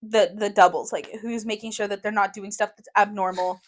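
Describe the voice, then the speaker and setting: A woman's voice: medium pitch, fairly even intonation, a little fast. A woman co-hosting a podcast, telling a conspiracy theory in a loose, casual chat full of fillers. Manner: tells conspiracy theory with fillers, laughs easily. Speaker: podcast co-host.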